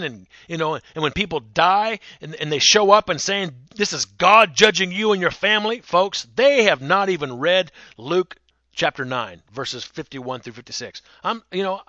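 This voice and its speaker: A male preacher delivering a sermon in a high, bright voice. He speaks emphatically, stumbles into repeated words, and acts out quoted speakers. The sound is dry and a bit muffled. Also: no room sound.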